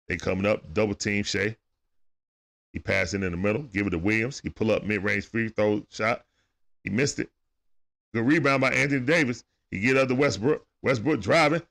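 Lowish and a bit bright, this man's voice carries loose, chatty play-by-play on a livestream. As a game commentator, he keeps things casual and responds to both players and viewers.

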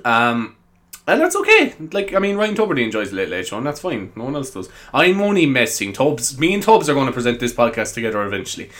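A man's voice: medium pitch, very animated, fast, hardly any pauses, a bit bright. A young Irish man hosting a solo podcast, chatting casually in a rambling, easily sidetracked way and giggling a lot. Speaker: podcast host.

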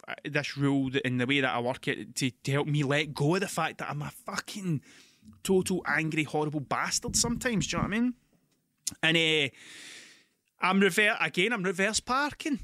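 A Scottish man hosting a podcast, telling stories in an animated, sweary, ranting way. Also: a little high, no room sound, clean studio sound. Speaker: podcast host. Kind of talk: casual monologue.

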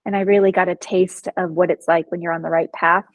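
A woman, a psychologist guest in a casual interview, telling personal stories in an expressive, vivid way. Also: on the low side, fairly quick, dry recording, poor audio.

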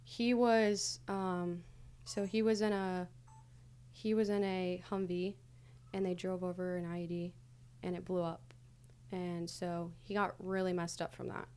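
A woman's voice: on the low side, flat delivery, unhurried, darkish tone, clean tone. A young adult woman, a podcast guest, recounting her past candidly in a casual, hesitant way with many fillers. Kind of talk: casual conversational interview.

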